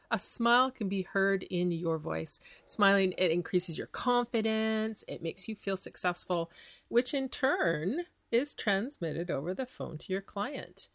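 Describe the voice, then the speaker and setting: A chatty woman hosts a small business podcast and gives advice at a brisk clip. Her voice sits a little low for a woman. The sound is close and dry, with no room echo. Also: creaky. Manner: lively, chatty, quick-talking with laughs.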